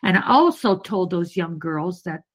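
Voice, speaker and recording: A woman caller on a live talk show, telling a personal story in an animated way, with many fillers. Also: on the low side, moderate pace, poor audio.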